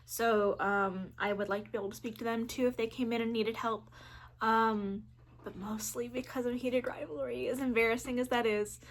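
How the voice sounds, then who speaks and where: A woman's voice: a little high, fairly even intonation, moderate pace. A woman chatting casually to camera as a language-learning vlogger, talking in a loose, chatty way with frequent "um" and "like" fillers and playful self-mocking asides.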